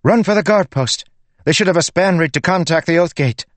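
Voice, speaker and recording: Brief: young female messenger, quick and decisive, high-pitched, played by a male narrator. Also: dry recording, lightly acted. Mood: urgent. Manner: brisk, urgent orders. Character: quick-thinking young woman messenger, commanding.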